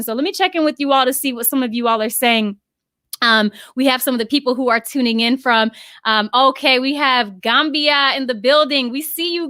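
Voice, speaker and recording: A woman hosting a casual live stream, effusively reading out viewer comments and giving shout-outs. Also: high-pitched, no room sound, studio quality. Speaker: livestream host.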